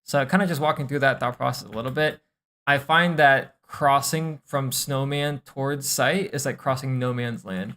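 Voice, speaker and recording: A young man on a stream casually reviews gameplay and coaches, relaxed and thinking aloud with plenty of fillers and the odd swear. He speaks at a medium pitch and moderate pace.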